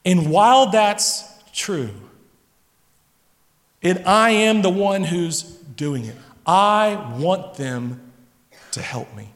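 A middle-aged man preaching a sermon to a congregation, animated, now and then acting out the voices of his listeners and his children. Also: sits high, extremely slow, pauses often. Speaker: pastor. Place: church sanctuary. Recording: long reverb of a large hall.

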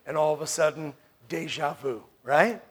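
A man from New York preaching a sermon as pastor, emphatic, swinging from loud declarations to hushed tones and asking the room "Amen?" often. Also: on the high side, moderate pace, breathy edge.

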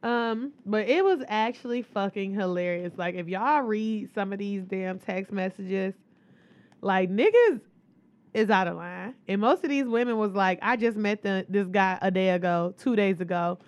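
A woman's voice: mid-range voice, moderate pace. A woman co-hosting a podcast in loose, profane casual chat, laughing often as she retells stories. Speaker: podcast co-host.

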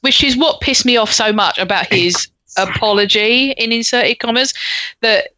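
A woman with a bright, forceful voice chats on a podcast, blunt and sardonic, swearing without hesitation. Her voice sounds dry and close. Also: on the high side, moderate pace, no echo, low-quality recording. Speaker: podcast co-host. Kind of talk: casual chat.

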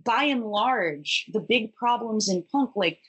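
A woman's voice: fairly high pitch, lively intonation, measured pace, a bit bright, slightly rough. A woman and punk musician telling a long, wry, profane anecdote in casual conversation. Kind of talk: conversational storytelling.

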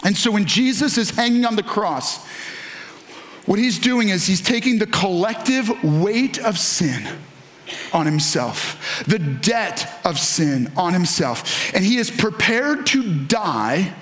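An earnest male pastor preaching with a notably high-pitched voice. He drives his points home with emphasis, slowing down and repeating key lines for weight. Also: animated, a bit bright. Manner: earnest, emphatic preaching with dramatic slowdowns and repetition. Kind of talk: sermon.

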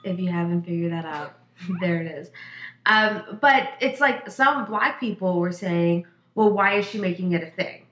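A woman's voice: lowish voice, moderate pace, fairly bright tone. Blunt, profane woman in an echoey room. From Mexico. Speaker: podcast co-host. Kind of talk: casual chat.

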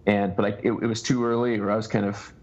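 A man being interviewed as an ultrarunner guest, telling a long story in halting bursts that keep restarting. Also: lowish voice, level tone, darkish tone, muffled recording. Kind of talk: casual podcast interview.

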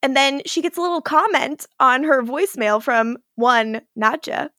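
A woman's voice: sits high, normal speed, pushed and bright, no echo, clean studio sound. A young adult woman hosting a podcast, recapping a TV episode in a chatty, giggly way and acting out quotes. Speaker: podcast host.

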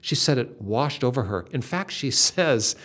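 An older man telling a faith story in an earnest, dramatic way, with lively shifts in emphasis. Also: medium pitch, moderate pace.

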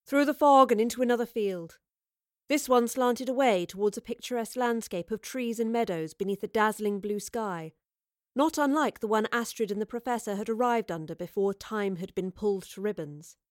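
A woman reading an audiobook as narrator, in a measured, even storytelling manner. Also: a little high, no echo, clean studio sound. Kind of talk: scripted narration.

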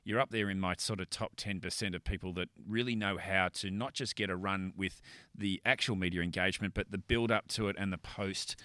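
A jokey man co-hosting a podcast, his lowish voice bright and forceful. The sound is dry and close to the mic. He teases the guest with plenty of enthusiasm. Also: fairly even intonation, brisk, no room sound. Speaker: podcast co-host. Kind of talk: casual podcast interview.

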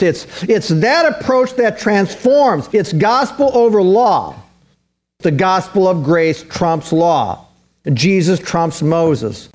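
A male pastor preaching an animated sermon, acting out the voices of biblical figures as he retells their stories. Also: a little high. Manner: animated preaching, voicing biblical characters in quotes.

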